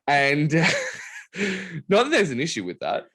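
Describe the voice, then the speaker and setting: A man hosting a podcast, telling a story in casual chat with animated delivery. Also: slow pace. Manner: animated storytelling, lively pitch swings. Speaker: podcast host.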